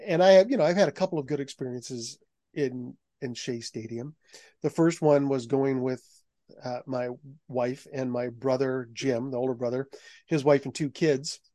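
A middle-aged man, a guest author, telling anecdotes in a lively, conversational way. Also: mid-range voice, moderate pace, dry recording, studio quality. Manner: lively anecdotal telling, acts out quoted voices. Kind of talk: conversational storytelling.

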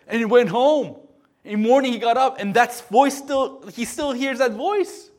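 A man preaching a sermon, telling stories with lots of "right?" tag questions and swinging between loud bursts and hushed murmurs. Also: sits high, moderate pace. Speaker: pastor.

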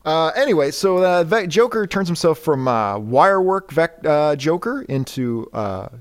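A man's voice: fairly high pitch, lively intonation, a little slow, no echo, clean studio sound. A man co-hosting a casual comic book podcast, retelling the story and acting out its lines with laughs. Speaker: podcast co-host.

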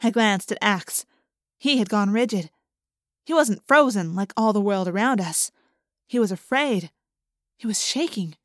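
Dry, expressive audiobook narrator, a woman. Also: a little slow, pauses often, dry recording. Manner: expressive, lifting pitch for dialogue. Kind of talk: audiobook reading.

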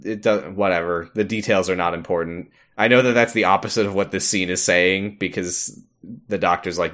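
A man's voice: low voice, fairly even intonation, normal speed, fairly bright tone. A man cohosting a podcast, casually recapping a TV episode, laughing and acting out quoted lines.

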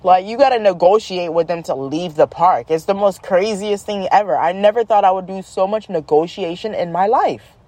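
A woman talking casually about her children, exasperated and animated, acting out the quotes as she tells the story. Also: fairly low pitch, moderate pace, no room sound. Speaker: mother, vlogger.

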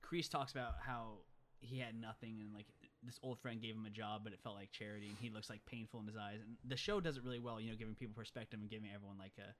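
A man in casual chat, retelling TV scenes quickly with lots of fillers and restarts. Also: lowish voice, a little hiss or hum. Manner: fast, animated retelling with filler words and restarts. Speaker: podcast co-host discussing a TV show.

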